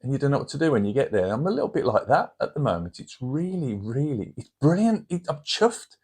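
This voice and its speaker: A man's voice: medium pitch, sing-song, fairly quick, darkish tone, slightly rough. A middle-aged man with a Birmingham accent, chatting casually to camera as a channel host in a rambling, down-to-earth way. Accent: Birmingham (Brummie). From England.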